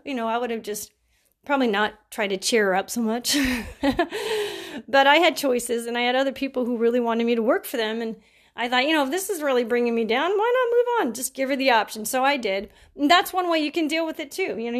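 A woman's voice: high voice, animated, fairly quick. A middle-aged woman and caregiver giving casual advice, telling stories about clients with frequent laughs and acted-out quotes. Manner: chatty, laughs often, acts out quoted people.

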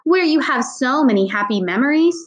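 A falsely cheerful mom behind the wheel, as a woman reads her part. Her voice sits a little high, with the bright put-on brightness grown-ups use with kids. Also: fast, lo-fi sound. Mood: fake cheerful. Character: cheerful adult mother driving kids.

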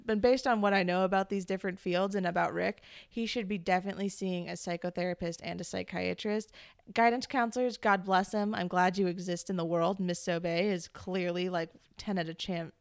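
A woman's voice: mid-range voice, clear, resonant tone, no echo, clean studio sound. A woman co-hosting a podcast who talks about a TV show in an emphatic, indignant way and swears freely. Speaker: podcast co-host. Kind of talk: casual chat about a TV show.

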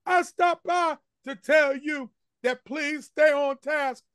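A man preaching from the pulpit in a strikingly high voice, pressing each point with repeated refrains. The sound is close and dry, with hardly any room around it. He speaks straight to the congregation, and they answer him. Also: slow, fairly bright tone, no room sound. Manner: emphatic call-and-response preaching with repeated refrains. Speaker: senior pastor. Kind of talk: sermon. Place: church sanctuary.

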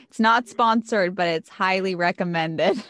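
A woman in casual podcast chat who makes dry, quick quips and laughs along. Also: mid-range voice, fairly bright tone, no echo. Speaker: podcast guest.

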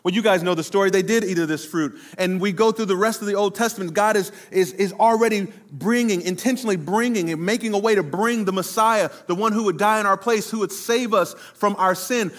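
A middle-aged pastor preaching a sermon to his congregation, slowing down and drawing out words for emphasis. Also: sits high. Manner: preaching to a congregation, addressing the room directly; slows down and draws out words for emphasis.

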